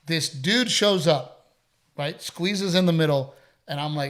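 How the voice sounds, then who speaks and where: A man hosting a podcast, telling stories in a casual, animated, profane way and acting out what people said. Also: fairly high pitch, measured pace. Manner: animated, profane, acts out quotes. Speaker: podcast host. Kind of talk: casual storytelling chat.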